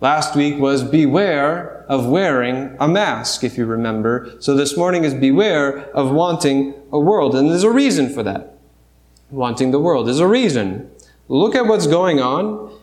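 A man's voice: on the high side, animated, a little slow, darkish tone, roomy sound. A man preaching a sermon in a church, talking through scripture in a conversational way with restarts and rhetorical questions. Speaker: pastor. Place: church sanctuary.

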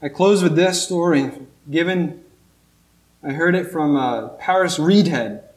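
A man preaching a sermon, telling a story earnestly with slow, emphatic pauses. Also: on the high side. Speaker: pastor. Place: church sanctuary. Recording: echoey church room.

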